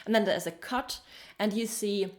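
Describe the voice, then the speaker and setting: Woman podcast host chatting about a tv episode, lots of ums, mid pitch, easy flow. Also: fairly even intonation, moderate pace. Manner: chatty, frequent ums, laughs while telling details. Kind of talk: casual review chat.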